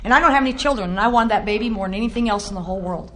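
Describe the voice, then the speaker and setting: A woman's voice: medium pitch, rapid-fire, fairly bright tone. A middle-aged woman giving a candid, self-mocking personal testimony at a recovery meeting, often laughing at herself.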